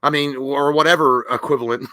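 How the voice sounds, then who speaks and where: A man's voice: medium pitch, fairly even intonation, a little fast, bright, forceful tone, no echo. A man co-hosting a casual live-stream movie news show, making dry, crude jokes and laughing at them. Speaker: podcast co-host.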